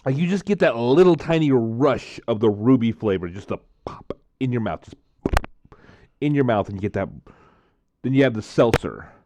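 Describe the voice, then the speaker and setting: Against a noisy background, a man with an animated, mid-range voice chats casually to camera while tasting drinks. He rambles and repeats himself, filling pauses with frequent "uh, um" sounds.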